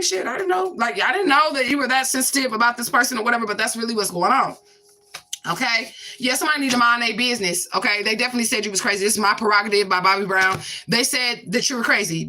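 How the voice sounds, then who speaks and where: A woman delivers a casual spiritual card reading, blunt and emphatic, with frequent swearing. Her voice is bright and tense, pitched fairly high, and she hammers her points home with repeated catchphrases.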